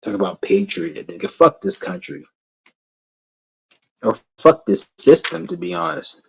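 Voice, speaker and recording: A man's voice: a little high, animated, measured pace, creaky, fairly bright tone, slightly rough, rough recording. A man ranting to his camera in a blunt, rambling, heavily profane way, repeating himself as he goes. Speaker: vlogger.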